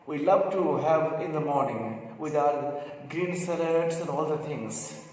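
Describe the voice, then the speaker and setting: Male teacher, high voice, slow deliberate delivery, far-off mic in an echoey room with light hiss. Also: a little mellow. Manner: repeats each word slowly, drawing out sounds. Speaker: English teacher. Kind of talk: pronunciation lesson.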